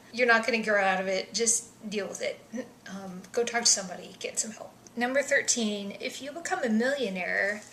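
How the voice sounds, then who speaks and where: A young woman vlogger chatting casually through survey questions, self-deprecating, with soft mumbled asides. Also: fairly high pitch, reverberant, a little hiss or hum, poor audio.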